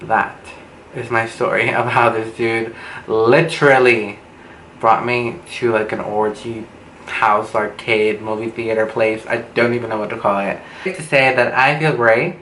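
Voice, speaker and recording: A young man telling a storytime vlog, animated and swearing, acting out what people said with big jumps in pitch. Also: a little slow. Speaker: vlogger. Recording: echoey room with faint background noise.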